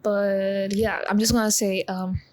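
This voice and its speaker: A woman in her twenties talking in a confessional vlog, halting with many pauses and close to tears. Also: medium pitch, little pitch movement, a little mellow, rough recording. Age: 20s. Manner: halting, full of pauses and restarts. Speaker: vlogger.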